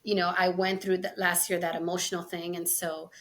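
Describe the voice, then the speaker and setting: A woman's voice: lowish voice, flat delivery, a little fast, a bit bright. A woman hosting a podcast in casual chat, laughing often and acting out conversations. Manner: chatty, laughs often, acts out quoted dialogue. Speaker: podcast host.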